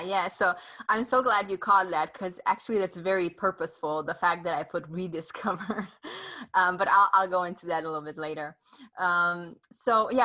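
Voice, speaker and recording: A woman's voice: fairly low pitch, bright, forceful tone. A woman from Europe, a professional performing artist, chatting casually as an interview guest with an accent, upbeat and sprinkled with fillers. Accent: European, non-Southern. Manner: upbeat with frequent fillers and laughs.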